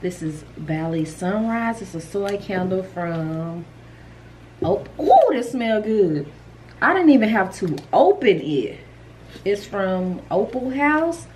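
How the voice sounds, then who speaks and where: A chatty woman, talking straight to her viewers from home. Her voice sits in a middle pitch. A steady hiss of background noise runs under the camera mic. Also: unhurried. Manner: chatty, excitable, talks to viewers directly. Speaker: vlogger. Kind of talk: casual vlog chat.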